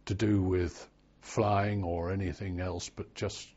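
An older man recalling his past in an oral history interview, telling it in a slow, wry storytelling way. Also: deep voice, level tone, a little mellow, muffled recording.

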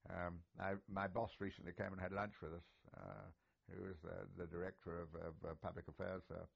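A man's voice: sits low, flat delivery, moderate pace, gravelly. An older man, a retired army officer reminiscing in an oral history interview, chatty and genial with many filler sounds. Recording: dull lo-fi recording.

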